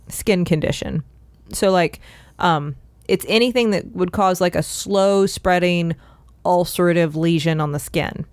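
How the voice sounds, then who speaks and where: Lower-voiced woman explaining history. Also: no room sound. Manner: explanatory, frequent fillers, laughs easily. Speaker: co-host. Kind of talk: casual history podcast chat.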